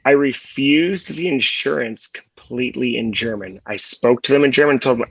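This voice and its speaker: A man's voice: mid-range voice, moderate pace, vocal fry, hardly any pauses, fairly bright tone, husky, dry recording. A man telling jokey stories and swearing freely in a casual group chat. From United States. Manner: joking storyteller, swears freely. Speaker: podcast co-host. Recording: dull dry sound.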